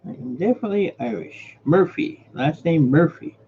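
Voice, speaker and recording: A man's voice: a little high, expressive, moderate pace, mellow, muffled recording, a little hiss or hum. A man hosting a casual livestream, greeting viewers by name and muttering while he fixes his setup. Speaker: livestream host. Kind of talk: casual live-stream chat.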